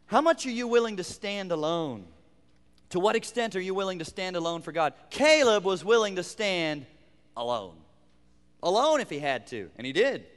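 A man preaching from the pulpit, his voice sitting high and coming across smooth and resonant. He builds to emphatic repeated phrases, then falls to hushed asides, with a long church reverb trailing every line. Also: big pitch swings, moderate pace. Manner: preaching with rising emphatic repetition and sudden quiet drops. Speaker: pastor. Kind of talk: sermon.

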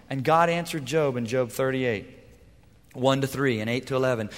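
A man preaching a sermon as pastor, swinging between loud emphatic lines and hushed, quiet asides. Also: mid-range voice, brisk, big-room sound.

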